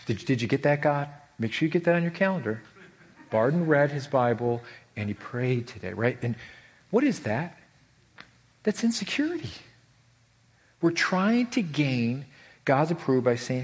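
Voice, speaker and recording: A middle-aged man preaching a sermon as pastor, animated, with his voice leaping high for emphasis and slowing right down on key words. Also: husky. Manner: animated, voice leaps high for emphasis, drawn-out slow stresses.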